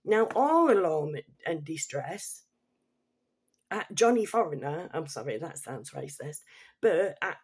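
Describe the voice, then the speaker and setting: A woman's voice: sits low, big pitch swings, a little slow, darkish tone, breathy edge. A woman from Leicester with a Leicester accent, giving a political opinion rant on her vlog. She reads prepared points, then breaks off into heated, swearing asides. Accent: Leicester English. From Leicester, England. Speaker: vlogger.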